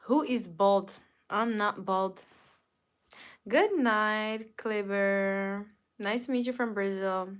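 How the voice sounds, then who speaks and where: A woman's voice: mid-range voice, takes it slowly, clear, resonant tone. A woman hosting a casual live stream, chatting playfully with viewers, reading their comments aloud and laughing often. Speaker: livestream host.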